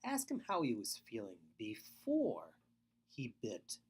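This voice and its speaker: A middle-aged man speaks in an earnest, emphatic webinar lecture. His pitch rises and falls a great deal as he stresses each point. He often circles back to repeat the key advice. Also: wildly swooping pitch, takes it slowly, slightly rough. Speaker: foster care speaker.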